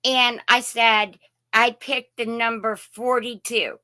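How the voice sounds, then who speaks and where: A woman's voice: a little high, steady tone, takes it slowly, pushed and bright, no echo. A woman from Indiana hosting a casual live chat, greeting viewers by name in a folksy way. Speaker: live stream host.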